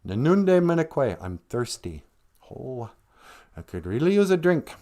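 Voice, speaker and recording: A man's voice: mid-range voice, very animated, a little slow, darkish tone. A middle-aged man hosting a comedy live stream, rambling through jokes and language lessons with playful asides.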